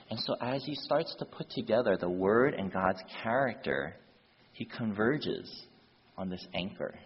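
A man's voice: lowish voice, lively intonation, a little slow, breathy edge. A man preaching a sermon, telling a story and then building to urgent appeals to his listeners. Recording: dull echoey hall.

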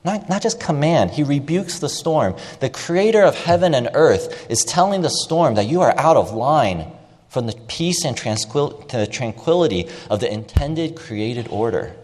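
A man's voice: medium pitch, lively intonation, normal speed, darkish tone. A man preaching a sermon with emphasis, repeating key phrases and asking rhetorical questions. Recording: long reverb of a large hall.

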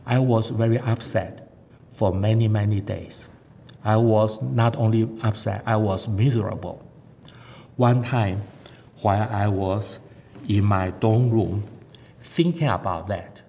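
A man giving a sermon testimony, earnest and halting, with frequent fillers and non-native grammar. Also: gravelly, warm tone. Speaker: lay preacher giving testimony. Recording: echoey hall with faint rumble.

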